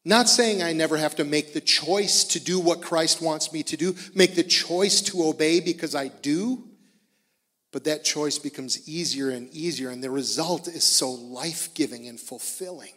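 A man's voice: on the high side, normal speed, a bit bright, big-room sound. Earnest man in his forties preaching. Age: 40s. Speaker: pastor. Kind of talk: sermon.

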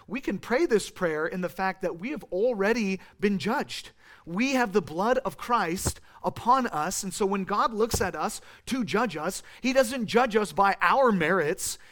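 A man's voice: high-pitched, a bit bright. A man preaching a sermon in a church, earnestly explaining a psalm and calling out the psalmist's pleas. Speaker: pastor. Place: church sanctuary.

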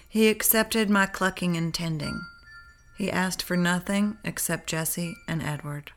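A woman telling a personal memoir in a calm, unhurried storytelling voice. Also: lowish voice, soft background music. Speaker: narrator. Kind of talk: memoir read-aloud narration.

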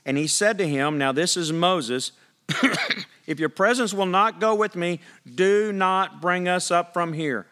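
A pastor preaching a sermon, reading scripture aloud and asking the congregation questions in a conversational, emphatic way. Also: male voice, high-pitched, animated, unhurried, sharp tone.

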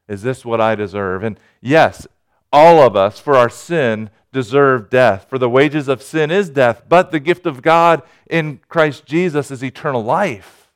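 A man preaching a sermon in an earnest manner, rising to urgent pleading and dropping to quiet reflection. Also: mid-range voice, unhurried, smooth. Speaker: pastor.

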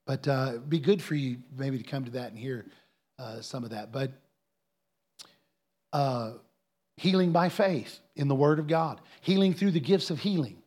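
A man's voice: medium pitch, normal speed, a little mellow. A man, a pastor preaching and answering a question, telling stories earnestly and building to emphatic peaks.

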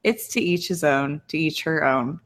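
Woman podcast guest, lower voice, blunt teasing chat. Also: animated, moderate pace. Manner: blunt, teasing, laughs between points.

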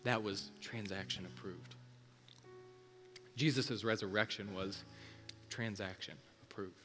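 A male pastor delivering an intense sermon, driving home points with repetition and swinging from loud emphasis to a hush. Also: on the low side, steady tone, a little slow, faint music behind.

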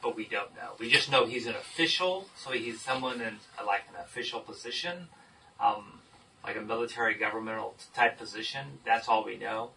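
A man leading a group Bible study, teaching with emphatic, lively energy. His voice is very bright and forward. He sounds a little distant from the mic, with faint noise in the background. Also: mid-range voice, moderate pace, vocal fry. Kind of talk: teaching discussion.

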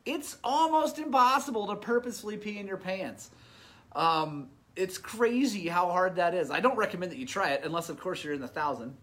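Laughing, self-mocking bright-voiced man. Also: high voice, fairly quick. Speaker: off-road motorcycle racer telling a race story. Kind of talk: casual storytelling.

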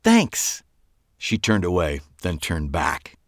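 Reading a first-person novel aloud, a male audiobook narrator uses a low-sitting, fairly bright voice at a moderate pace. The scripted narration comes across dry and wry. No echo is present.

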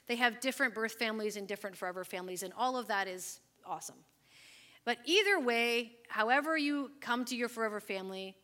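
A woman's voice: fairly high pitch, pushed and bright. A woman in her forties telling a personal story during a church talk, chatty and loose, with many "like"s and "um"s. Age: 40s. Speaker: speaker at a church service.

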